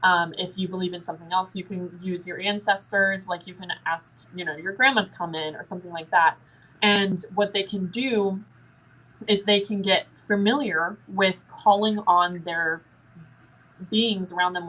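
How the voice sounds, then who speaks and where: A young woman answering listener questions as a guest in a paranormal Q&A, chatty and lively, often acting out little dialogues. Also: rough recording. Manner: chatty, acts out dialogue in a higher voice.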